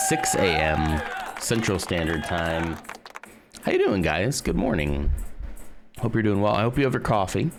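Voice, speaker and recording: A man's voice: deep voice, slight background noise. A man from the United States hosting a live stream, chatting casually and greeting viewers by name. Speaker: livestream host.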